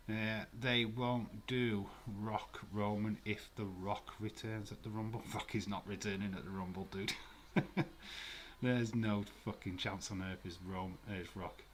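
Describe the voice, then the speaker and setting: A man's voice: fairly low pitch, steady tone, unhurried. A man hosting a casual live watch-along stream, chatting loosely, swearing and laughing as he answers viewer comments.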